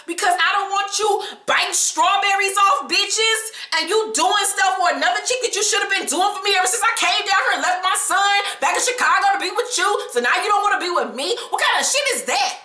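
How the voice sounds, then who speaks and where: A woman voicing an indignant young woman who yells at her partner. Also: brisk, hardly any pauses, reverberant. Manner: shrill, yelling.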